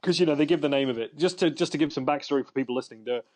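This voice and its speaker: A man's voice: fairly high pitch, rapid-fire, darkish tone. A man hosting a podcast, chatting casually and rambling with fillers and restarts. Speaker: podcast host. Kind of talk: casual chat.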